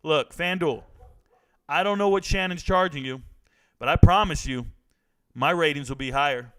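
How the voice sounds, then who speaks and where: Brash joking man with a clear voice. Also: fairly high pitch, moderate pace, fairly bright tone, poor audio. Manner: brash, joking, talking straight to viewers. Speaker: sports and trends commentator. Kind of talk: casual commentary vlog.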